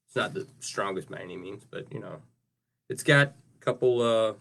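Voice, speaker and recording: A fairly low, creaky male voice with a fairly bright tone talks at normal speed. During a livestream he chats loosely about the craft he's doing, rambling and regularly ending sentences with "right?"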